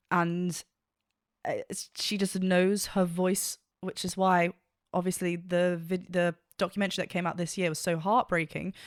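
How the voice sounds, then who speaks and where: A woman's voice: mid-range voice, dry recording, studio quality. A woman vocal coach giving an enthusiastic, technical reaction and analysis, with frequent fillers.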